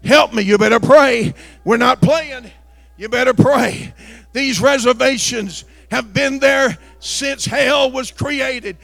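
A middle-aged male preacher delivering an impassioned sermon that rises into shouting as he calls people to the altar. His voice sits very high with a gravelly rasp. The sound is dry and close, with little room echo. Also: slow pace.

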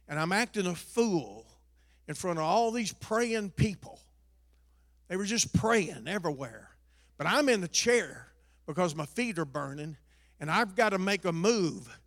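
A man preaching a sermon testimony, moving from hushed storytelling to loud, impassioned exhortation. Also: sits high, dry recording, studio quality, big-room sound. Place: church.

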